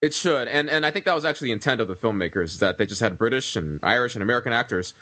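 A man talking fast in a casual discussion, pushing through long explanations with many restarts and repeated words. His voice sits in a middle range, recorded close and dry with no room sound. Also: medium pitch, animated, sharp tone, no echo. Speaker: podcast guest reviewing a film.

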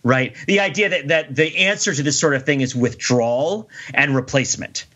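Man, podcast co-host, rambling, bright voice, dull lo-fi audio. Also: fairly high pitch, normal speed. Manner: rambling, self-interrupting, laughs often. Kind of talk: casual discussion. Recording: dull lo-fi sound.

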